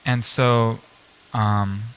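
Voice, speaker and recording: A man's voice: mid-range voice, little pitch movement, very slow, fairly bright tone, clean tone, rough recording. A man giving a storytelling scripture class at a temple, speaking casually with many fillers and restarts. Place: temple hall.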